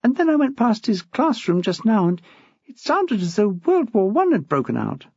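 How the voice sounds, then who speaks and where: A man's voice: high voice, very animated, normal speed, creaky, a little mellow, slightly rough, dry recording, voice pushed up, exaggerated voice. A man voicing an ambitious young woman staff member who presses her point earnestly, in a dull, dry recording. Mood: insistent.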